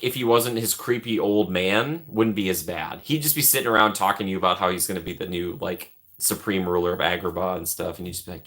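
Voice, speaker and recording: Guy on a live stream rambling w/ chat, kinda low but bright, sharp tone, jokey. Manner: rambling, thinks out loud, jokey.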